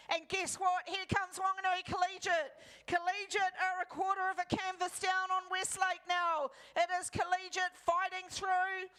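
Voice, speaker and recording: A woman's voice: extremely high pitch, a bit bright. A woman calling a rowing race live as commentator, in urgent play-by-play.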